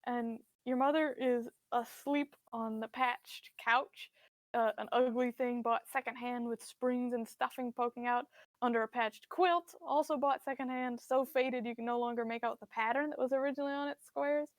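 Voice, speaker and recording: A woman narrating a tabletop role-playing scene as game master, descriptive and relaxed, with fillers. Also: on the high side, normal speed, dry recording.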